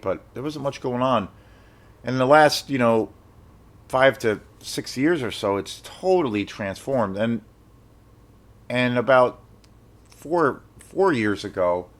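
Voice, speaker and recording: A young man telling a rambling, animated story in a casual vlog, swearing when he gets excited. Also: on the low side. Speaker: film vlogger.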